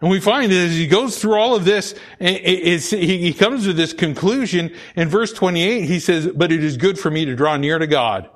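A man's voice: high-pitched, normal speed, few pauses. A man preaching a sermon, repeating key phrases for emphasis and often stumbling and restarting. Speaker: pastor.

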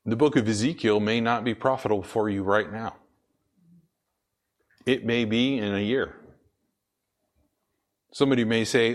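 A man with a somewhat low voice preaches a sermon. He is emphatic, slows right down to press a point home, and poses questions to answer them himself.

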